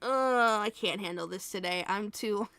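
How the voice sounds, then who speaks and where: A woman's voice: mid-range voice, a little slow, a bit bright, dry recording. A young adult woman streaming live, chatting casually with viewers in a blunt way, swearing freely and laughing often.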